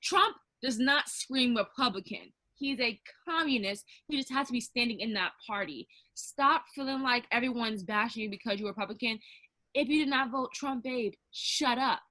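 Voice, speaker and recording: A woman's voice: on the high side, moderate pace, pushed and bright, no room sound, poor audio. A woman co-hosting a casual group chat, ranting emphatically and mocking others in quoted voices. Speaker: podcast co-host.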